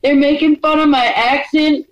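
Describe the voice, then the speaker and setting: A woman's voice: high-pitched, steady tone, moderate pace. A woman livestreamer in a furious, profane rant, repeating herself and making threats. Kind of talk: angry confrontational rant. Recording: dull lo-fi audio.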